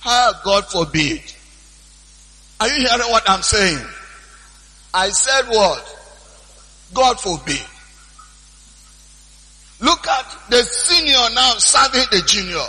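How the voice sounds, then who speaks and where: High, bright preacher. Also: male voice, slow, long pauses, slightly rough, in a large hall, low-quality recording. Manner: animated storytelling, repeating lines for emphasis. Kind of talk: sermon.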